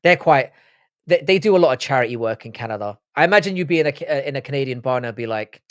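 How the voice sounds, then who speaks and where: A man's voice: mid-range voice, expressive, quick pace, dry recording, clean studio sound. A man hosting a live stream, chatting casually, reading chat comments aloud and answering with swearing banter. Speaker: livestream host.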